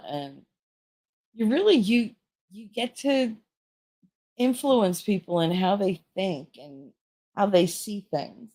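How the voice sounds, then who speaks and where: A woman's voice: fairly low pitch, a little mellow. A woman hosting a casual livestream chat with viewers, talking in a rambling, frank and joking way. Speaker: livestream host.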